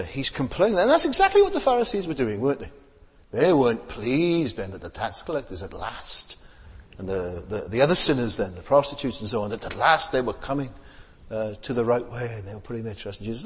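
Man preacher, lively rhetorical sermon delivery, slightly husky, church hall reverb. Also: mid-range voice. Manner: conversational, asks rhetorical questions, repeats words.

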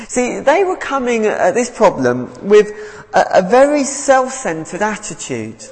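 Male preacher, earnest and unhurried, with a bouncy, animated delivery. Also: high voice, big-room sound, low-quality recording. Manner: earnest, repeats words as he goes. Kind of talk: sermon.

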